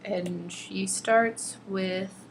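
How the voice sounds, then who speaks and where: A woman's voice: medium pitch, fairly even intonation, very slow, gravelly. A young woman talks casually to her camera, openly mocking a book and sighing over its writing. She swings into exaggerated dramatic readings of the passages. A faint background hiss sits under her voice. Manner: exasperated, mocking, reads excerpts with exaggerated drama. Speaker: vlogger reading a novel aloud. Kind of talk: casual sarcastic book commentary.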